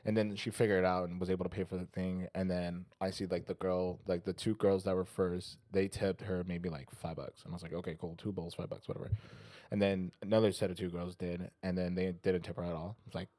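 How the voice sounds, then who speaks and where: A man with a fairly low voice tells a story at a rapid clip. He acts out each person's lines and swears freely, like a co-host chatting with friends. The sound is close and dry. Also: flat delivery, mellow, dry recording. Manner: rapid anecdote-telling, acting out quoted people, frequent swearing. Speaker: podcast co-host. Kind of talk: casual chat, storytelling.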